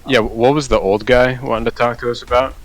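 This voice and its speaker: A man playing a tabletop game, asking quick questions of the others. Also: mid-range voice, steady tone. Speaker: player. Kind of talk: casual game table chat.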